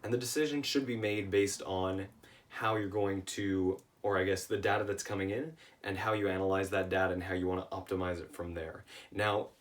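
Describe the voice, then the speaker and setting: A man's voice: low voice, steady tone, a little fast, distant mic. A tired man with a worn voice, teaching email marketing in a casual lesson, often checking in with "right?". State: tired, voice shot.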